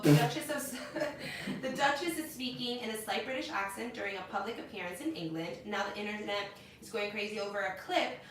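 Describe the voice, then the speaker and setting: A young woman co-hosting a casual entertainment news chat, opinionated and animated, with lots of "like.". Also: on the high side. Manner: animated, opinionated, heavy use of "like". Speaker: co-host. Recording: echoey room, mic at a distance, faint noise.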